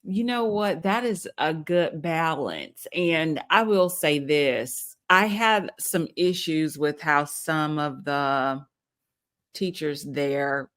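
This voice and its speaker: A woman's voice: low-pitched, slow, a bit bright. A woman hosting a casual conversation, a former middle school teacher speaking in an earnest, reflective way.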